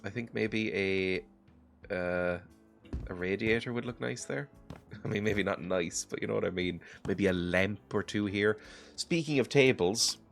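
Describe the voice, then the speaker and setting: A sick man giving rambling, self-mocking commentary while playing a game, chuckling often. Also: lowish voice. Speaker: gaming video host. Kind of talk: casual let's-play commentary.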